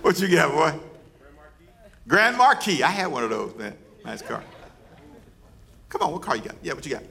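A pastor preaching to a church congregation, with a voice that sits a little high for a man. He leads call and response and teases the crowd in a playful way. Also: animated, normal speed, creaky, pauses often, pushed and bright. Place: church service before a congregation.

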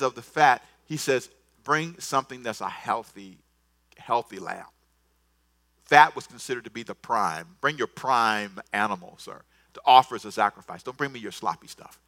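A man preaching a sermon, swinging from soft asides to loud bursts and acting out the scripture dialogue. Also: mid-range voice. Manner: repeats words, acts out scripture dialogue. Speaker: pastor.

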